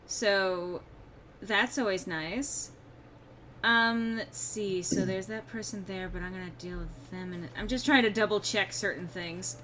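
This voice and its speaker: Bright, joking woman streamer. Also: medium pitch, steady tone, measured pace, a little hiss or hum. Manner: joking, irreverent, swears freely. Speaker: game streamer. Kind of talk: casual let's-play commentary.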